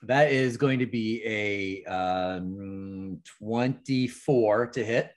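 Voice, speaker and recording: A man's voice: on the low side, extremely slow. A man playing in a tabletop game, casual and self-deprecating. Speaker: player.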